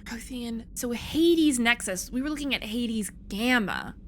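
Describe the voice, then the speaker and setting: Higher-voiced woman swearing through a game. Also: expressive, measured pace, a little hiss or hum. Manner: chatty, frustrated, swears freely. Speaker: game streamer. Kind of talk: casual let's-play commentary.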